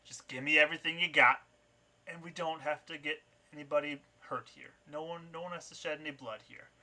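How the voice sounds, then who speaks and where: A man's voice: a little high, steady tone, a little fast, bright, forceful tone, pitched above the performer's own voice. A man voicing a threatening male thug leader who demands valuables at knifepoint. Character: menacing male street thug leader with a dagger.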